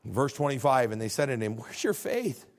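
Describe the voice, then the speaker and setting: A middle-aged man preaching a sermon as pastor, animated, acting out dialogues and swinging from quiet low lines to near shouts. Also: normal speed.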